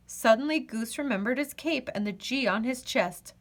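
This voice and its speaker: A woman's voice: a little high, expressive, a little slow, hardly any pauses, bright, forceful tone. Woman reading a picture book aloud. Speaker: children's story reader. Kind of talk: read-aloud storytelling.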